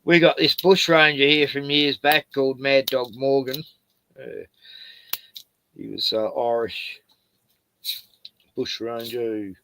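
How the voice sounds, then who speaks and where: A man's voice: medium pitch, steady tone, slow pace, pauses often, fairly bright tone, slight background noise, poor audio. Profane Australian man spinning yarns. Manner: profane, rambling anecdotes with laughs. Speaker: streamer. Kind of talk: casual chat.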